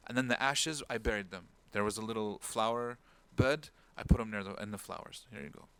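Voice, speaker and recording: A man's voice: on the low side, fairly quick, fairly bright tone, clean tone, no room sound. A man giving an informal religious talk as an imam, telling a story and acting out the people in it with a raised voice, and dropping Arabic words and phrases into his speech. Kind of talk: talk-style religious lecture.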